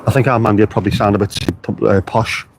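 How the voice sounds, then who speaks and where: A man's voice: lowish voice, fairly even intonation, quick pace. Chatty man streaming outdoors by traffic. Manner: chatty, swears freely, talks to viewers' comments. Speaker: live streamer. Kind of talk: casual live-stream chat. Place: outdoors by the beach at sunset. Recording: faint street noise behind the voice. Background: passing traffic.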